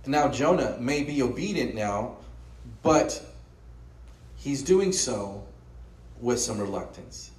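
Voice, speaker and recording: A man's voice: mid-range voice, animated, slow pace, long pauses, darkish tone. A pastor giving an earnest, conversational sermon, often posing rhetorical questions to his listeners. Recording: roomy echo, voice from a distance.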